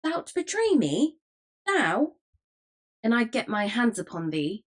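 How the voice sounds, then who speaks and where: A woman voicing a rough, scornful ruffian father in an audiobook, sneering and threatening. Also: mid-range voice, expressive, slow pace.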